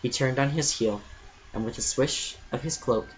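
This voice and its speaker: A man giving an earnest, steady amateur storybook reading, stumbling now and then. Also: mid-range voice, moderate pace, muffled recording, a little hiss or hum. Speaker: reader.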